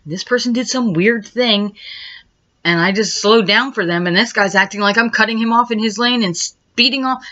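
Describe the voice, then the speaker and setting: Bright-voiced woman rambling through a story. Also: a little high. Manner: rambling, retraces events step by step, grows agitated. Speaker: vlogger. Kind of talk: rambling first-person account. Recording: dull lo-fi recording.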